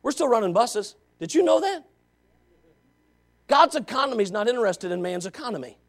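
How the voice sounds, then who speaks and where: A Baptist pastor preaching a fervent sermon, swinging between quiet asides and shouts. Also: male voice, very high voice, animated, a little fast.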